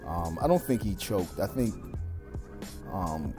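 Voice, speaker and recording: A man co-hosting a radio talk show, joking loudly and crudely and laughing often. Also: low voice, lively intonation, takes it slowly, over music. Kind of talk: casual banter on a radio show.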